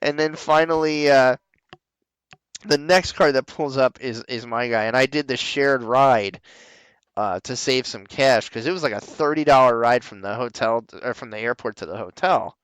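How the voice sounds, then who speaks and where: A man's voice: medium pitch, normal speed, smooth, no echo, low-quality recording. A man hosting a casual podcast chat, swearing freely and acting out the people in his stories. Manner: profane, animated storyteller who acts out quoted people. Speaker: podcast host.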